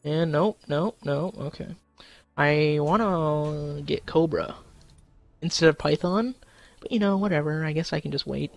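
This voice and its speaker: A man's voice: a little high, a little slow, gravelly, no echo, soft background music. A young man in casual live-stream commentary, goofy and crude, talking to himself and his chat with sudden silly outbursts. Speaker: gaming streamer.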